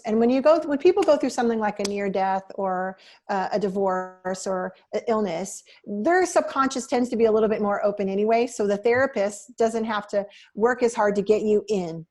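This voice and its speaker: A woman guest in an interview, speaking at a middle pitch. She shares stories in an earnest, reflective tone, with a warm storytelling flow. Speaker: hypnotherapist guest. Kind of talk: conversational interview.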